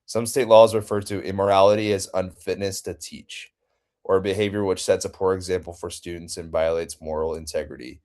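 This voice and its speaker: A man student reading a class presentation haltingly, with restarts. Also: low-pitched, steady tone, a little mellow.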